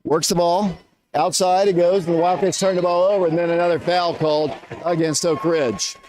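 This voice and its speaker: A man calling a high school basketball game live on the radio, quick and winded, lifting his voice on big plays. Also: slight background noise. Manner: rapid, rising excitement on big plays. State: out of breath. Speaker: radio play-by-play announcer.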